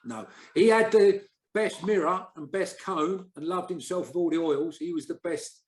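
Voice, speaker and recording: A chatty man spins long anecdotes, slipping into the voices of the people he quotes. His voice sits a touch high. The room around him echoes noticeably. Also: normal speed. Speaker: podcast guest, former footballer. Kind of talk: casual storytelling chat. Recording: roomy echo.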